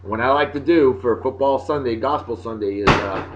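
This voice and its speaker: A man hosting a casual video blog, giving jokey shout-outs to friends in a boisterous way that swings between loud and soft. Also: medium pitch, normal speed, background noise. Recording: dull lo-fi sound.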